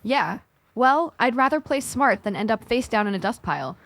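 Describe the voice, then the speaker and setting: A woman co-hosts a scripted history podcast, joking her way through it with gaming slang. Her voice sits a little high and swings widely in pitch. The recording is dry and close, with no room sound. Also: sing-song, normal speed, a bit bright, dry recording. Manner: playful, uses gaming slang. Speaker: co-host.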